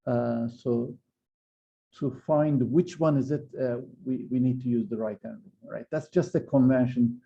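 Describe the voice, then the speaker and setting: Male physics lecturer, gravelly and very dark tone, hesitant delivery, muffled lo-fi recording. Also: medium pitch, steady tone, normal speed. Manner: hesitant, many fillers and restarts. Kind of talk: university lecture.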